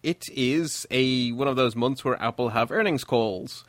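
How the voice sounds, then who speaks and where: An Irish man hosts a casual tech podcast. He reads off the figures in a steady, methodical run and keeps the discussion moving. His voice sits dry and close to the mic. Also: mid-range voice, a little slow, no room sound. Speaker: podcast host.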